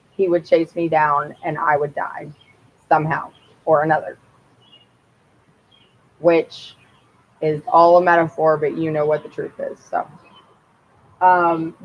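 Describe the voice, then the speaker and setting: A woman's voice: lowish voice, muffled recording. A woman telling personal stories in a blunt, rambling and profane casual monologue.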